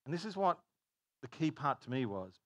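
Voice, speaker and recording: A man preaching a sermon, telling stories in an animated way and laughing at his own jokes. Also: a little high, a little fast, no room sound. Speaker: pastor.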